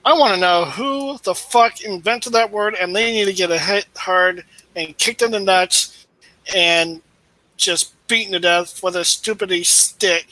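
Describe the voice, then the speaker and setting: A man's voice: high-pitched, measured pace, bright, forceful tone, dry recording, rough recording. A man in casual chat, blunt and crude in a jokey way.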